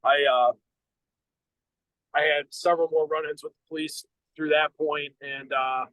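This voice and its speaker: On a podcast, a middle-aged American co-host bluntly tells a profanity-laced personal story, circling back and restarting sentences. His voice is a little higher than most men's, level, unhurried, and fairly bright. The audio is poor, dry, and close, with no echo.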